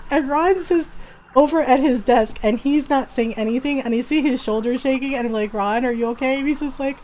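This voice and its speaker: A woman's voice: high-pitched, expressive, normal speed, a little hiss or hum, low-quality recording. A woman in her forties chatting casually while streaming a game, telling stories with frequent giggles. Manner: giggly storytelling. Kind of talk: casual gameplay chat.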